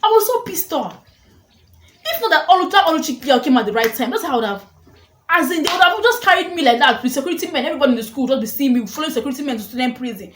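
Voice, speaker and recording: A young woman telling a storytime vlog, animated and dramatic, laughing often. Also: high-pitched, racing. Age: young adult. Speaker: vlogger. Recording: echoey room with faint noise.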